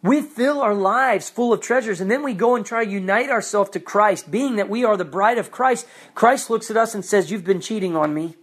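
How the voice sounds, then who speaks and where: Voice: medium pitch, moderate pace, hardly any pauses, husky. A preacher in an impassioned monologue, exhorting with fervent repetition.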